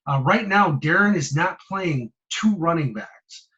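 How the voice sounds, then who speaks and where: A man co-hosting a casual fantasy football podcast, hesitating and filling pauses with ums and uhs. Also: on the high side, expressive, pushed and bright, lo-fi sound. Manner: hesitant, filler-heavy, trailing off. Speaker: podcast co-host.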